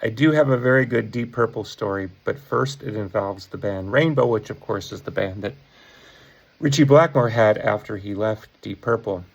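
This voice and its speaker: Rock musician, 50s, male, from the Chicago area: gravelly, lowish voice, loose storytelling with chuckles. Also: normal speed, poor audio. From Chicago area, USA. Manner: rambling, self-correcting, with chuckles. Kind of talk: casual anecdote told to camera.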